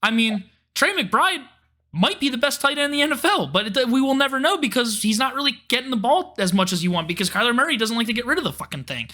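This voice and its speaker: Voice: mid-range voice, expressive, quick pace, bright, forceful tone. A podcast co-host in casual sports chat, ranting animatedly about football with frequent swearing.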